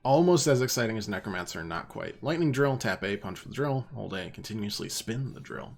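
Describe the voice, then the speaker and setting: Low-voiced man chatting through a game. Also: expressive, brisk, vocal fry, soft background music. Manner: chatty, reads game menus aloud, self-mocking. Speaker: streamer playing a video game. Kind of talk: casual let's play commentary.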